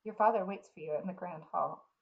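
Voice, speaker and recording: A woman voicing a calm male general and king in a steady, formal way, as she reads a fantasy novel. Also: fairly low pitch, a little fast, gravelly, dull audio.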